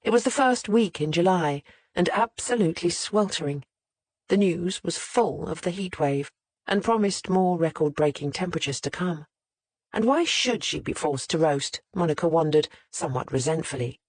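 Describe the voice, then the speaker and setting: An audiobook narrator reading a mystery novel in a measured, even way, close to the mic. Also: medium pitch, husky, no room sound. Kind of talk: scripted narration.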